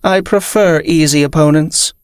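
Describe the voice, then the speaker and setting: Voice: medium pitch, normal speed, clean tone, dry recording, clean studio sound, natural voice. A reader voicing a cranky, curt gray alien gambler.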